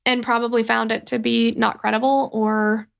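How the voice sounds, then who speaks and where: A woman's voice: a little high, flat delivery, moderate pace, creaky. A woman co-hosting a true-crime podcast, chatting casually and rambling with lots of fillers. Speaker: podcast co-host.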